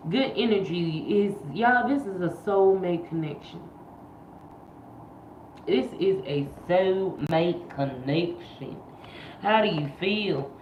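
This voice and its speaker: A woman with a medium-pitched voice gives a casual tarot reading on a livestream, chatty and full of slang. She repeats her phrases and occasionally half-sings. The room is echoey, the sound muffled and lo-fi, with a little hiss or hum.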